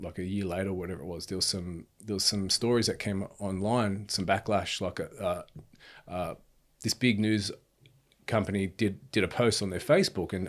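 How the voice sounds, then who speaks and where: A man in his thirties, a podcast guest telling his story in an earnest, rambling way, full of restarts and "bro". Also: lowish voice. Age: 30s. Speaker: podcast guest, speaker and author. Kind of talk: casual storytelling chat.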